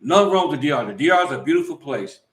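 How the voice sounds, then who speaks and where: A man's voice: on the high side, animated. A middle-aged man from the United States talking emphatically and a little preachily in a casual live chat. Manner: emphatic, preachy, rapid talk. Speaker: vlog co-host. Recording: echoey room.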